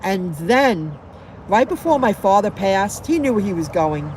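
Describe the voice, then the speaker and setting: A woman's voice: medium pitch, very animated, measured pace, a little mellow, slight background noise. A middle-aged woman chatting casually on a live stream into her phone from a parked car, rambling and repeating herself as she answers viewers. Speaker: delivery driver live streamer.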